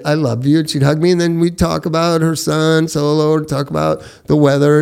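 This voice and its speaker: A man hosting a casual podcast chat, telling stories in an animated way and laughing often. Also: fairly high pitch, creaky. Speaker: podcast host.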